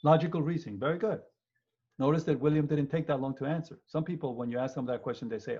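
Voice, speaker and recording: Husky, animated male law professor. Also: fairly high pitch, fast talker. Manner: animated, joking, repeats words, acts out people. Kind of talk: lively webinar lecture. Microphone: video call. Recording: muffled webinar audio.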